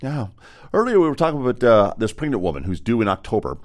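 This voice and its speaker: A man's voice: medium pitch, sing-song, quick pace. A man co-hosting a morning radio show, chatting casually and rambling with lots of "uh" and "you know".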